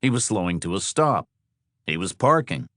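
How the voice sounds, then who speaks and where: A man narrates a thriller audiobook in a measured, descriptive style, his fairly low voice rising and falling lively. As scripted narration, it is recorded close and dry with no room sound at all.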